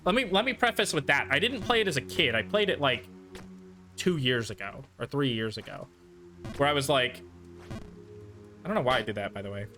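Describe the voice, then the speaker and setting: Lively bright-voiced male streamer. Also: mid-range voice, brisk, pauses often, soft background music. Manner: frustrated, self-soothing muttering between bursts. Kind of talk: casual gaming stream commentary.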